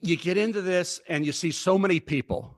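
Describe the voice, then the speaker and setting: A man in his sixties with a Baltimore accent talks with a slightly raised pitch. He speaks as an interview guest, effusive and fast, piling up names of old colleagues one after another. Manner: effusive, rapid, tumbling lists of names. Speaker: guest draft analyst. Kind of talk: casual interview chat.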